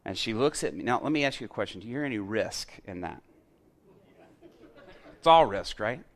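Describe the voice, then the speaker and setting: A middle-aged male pastor telling a story in a sermon, acting out the dialogue and getting loud at the punchlines. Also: on the low side, animated, normal speed. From Chicago area.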